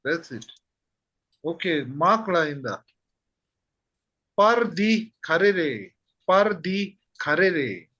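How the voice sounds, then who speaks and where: A man teaching a language class, repeating phrases slowly and patiently. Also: on the high side, sing-song, sharp tone. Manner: repeats phrases slowly, says "that's it" often. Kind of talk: slow patient language lesson.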